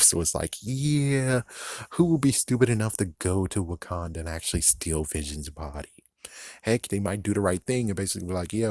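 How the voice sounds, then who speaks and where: A man's voice: sits low, a little mellow, dry recording, clean studio sound. An American man giving a rambling, profane casual commentary on a TV episode, often laughing and correcting himself. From United States. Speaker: YouTube commentator.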